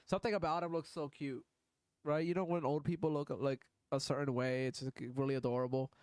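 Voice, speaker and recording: A man's voice: fairly high pitch, steady tone, fairly quick, a little mellow, smooth, no echo. A man streaming live, reacting to videos in blunt, profane, rambling commentary.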